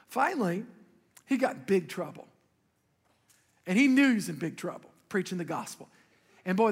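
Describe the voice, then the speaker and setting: A male pastor with a very high voice, preaching a sermon in a big church hall with a long echo. He tells the story vividly, rising loud and then dropping to quiet, pointed emphasis. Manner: animated storytelling with sudden drops to quiet emphasis.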